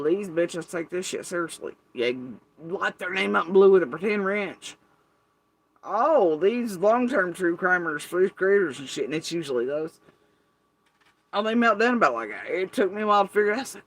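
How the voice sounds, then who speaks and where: Guy going off on a livestream rant, lots of swearing, higher voice. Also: expressive, normal speed, a bit bright. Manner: profane, exasperated, mocks others in high put-on voices. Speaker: livestream creator. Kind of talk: ranting livestream monologue.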